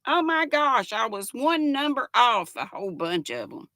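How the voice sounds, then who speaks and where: A woman's voice: a little high, big pitch swings, normal speed, hardly any pauses, bright, forceful tone, no echo, clean studio sound. An older woman hosts a casual livestream, reading viewers' chat in a giggly, folksy way. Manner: chatty, giggly, folksy, talks to viewers as "y'all". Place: at home.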